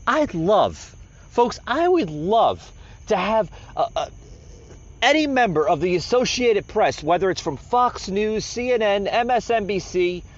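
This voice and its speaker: A man's voice: high voice, sing-song, a little slow. A man hosting a podcast, delivering heated, rambling and sarcastic political commentary. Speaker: podcast host. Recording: dull lo-fi recording.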